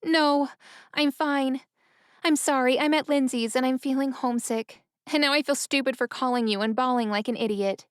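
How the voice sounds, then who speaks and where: Brief: female narrator doing a high, shaky, crying young woman in a storybook audiobook, dry and smooth. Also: moderate pace, dry recording, natural voice. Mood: tearful. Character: young woman, homesick actress, tearful.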